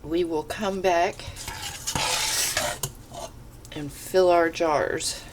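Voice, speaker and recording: A woman talking through home canning in her kitchen, stuffed up and congested, rambling in a relaxed, unhurried way. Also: fairly low pitch, background noise. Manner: slow, unhurried, rambling explanations. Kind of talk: casual kitchen how-to chat. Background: kitchen clatter of pots and utensils.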